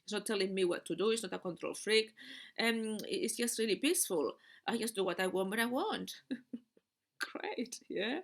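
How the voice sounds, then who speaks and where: A woman and spiritual teacher telling a personal story in a casual monologue, animated, laughing often and repeating words. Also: medium pitch, fairly quick.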